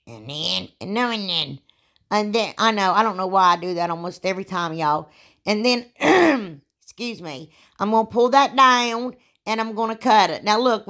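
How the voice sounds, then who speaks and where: A woman, talking through a DIY craft tutorial in a rambling, self-deprecating way, with a sore throat and frequent throat clearing. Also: medium pitch, fairly bright tone. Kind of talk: casual craft tutorial voice-over.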